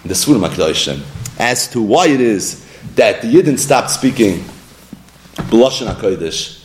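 A man giving a Torah lesson in an animated way, acting out the people he quotes and weaving in Hebrew and Aramaic terms. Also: fairly low pitch, normal speed. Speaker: Torah teacher.

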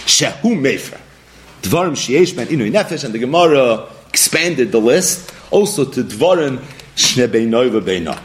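A man's voice: mid-range voice, slight background noise. A man teaching a Talmud study lesson, reading source texts aloud and pressing his points with rising emphasis.

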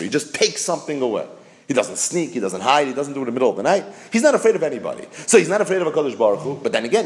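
Male Torah teacher, mid-pitched, expressive delivery, mixes English with Hebrew and Yiddish terms. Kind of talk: Talmud lesson.

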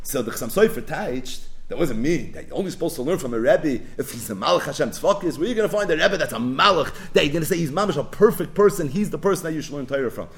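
A man teaching a Torah class, animated and full of Yiddish and Hebrew terms. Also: fairly high pitch, fast talker, hardly any pauses.

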